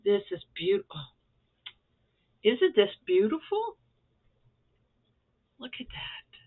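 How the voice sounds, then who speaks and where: A woman's voice: medium pitch, sing-song, slow pace. An older woman vlogging about her crafts, rambling and effusively grateful, with a self-deprecating way of talking. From Florida. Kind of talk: casual chatty update. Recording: tinny phone-like sound.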